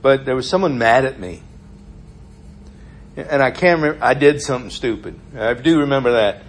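A man's voice: mid-range voice, moderate pace, slight background noise. Chatty male preacher telling stories. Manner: conversational, storytelling, laughs often. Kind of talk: informal sermon.

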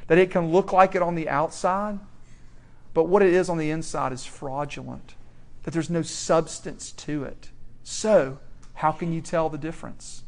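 A young man preaching a sermon, swinging from loud, emphatic questions to soft, hushed warnings. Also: fairly high pitch, steady tone, moderate pace, creaky.

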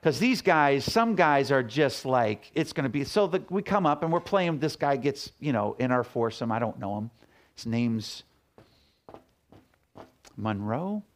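Man, middle-aged, pastor, relaxed sermon, chatty storytelling, mid-pitched voice. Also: unhurried. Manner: conversational, storytelling with acted quotes.

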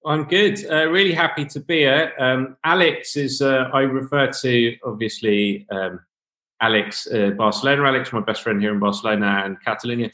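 A man's voice: medium pitch, moderate pace, sharp tone. A man with a London accent, a returning podcast guest, talking in a hesitant, friendly, teasing way. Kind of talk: casual podcast chat. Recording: echoey room.

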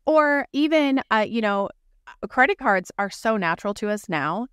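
A woman co-hosting a casual podcast, talking in an animated way and acting out remarks she quotes. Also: fairly high pitch, normal speed, clear, resonant tone, no room sound, clean studio sound. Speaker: podcast co-host. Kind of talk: casual conversational podcast chat.

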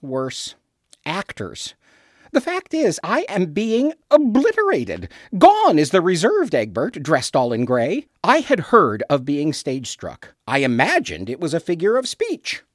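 A woman's voice: deep voice, huge pitch swings, a little slow, dry recording, clean studio sound, full character voice. A woman voicing a once-reserved male theater critic who has turned into a melodramatic ham, in radio drama acting. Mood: earnest. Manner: overwrought, theatrical swoops between declaiming and confiding.

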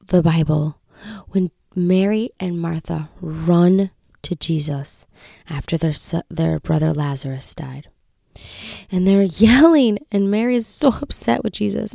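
A woman in her thirties hosting a faith podcast, speaking in an earnest, heartfelt way that often drops to a soft whisper. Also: mid-range voice, creaky, no room sound, studio quality. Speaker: podcast host.

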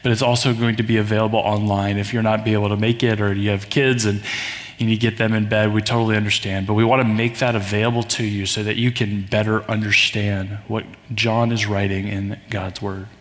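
A man's voice: on the low side, level tone, fairly quick. A man preaching a sermon to his congregation in a conversational way, often building to emphatic rises. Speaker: pastor. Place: church sanctuary. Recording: long hall reverb.

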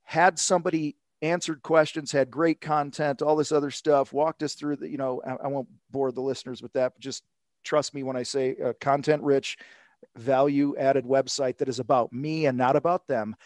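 Animated storytelling man, dry sound. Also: medium pitch, normal speed, no echo. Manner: animated storytelling, acts out quotes. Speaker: sales coach guest. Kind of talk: casual podcast conversation.

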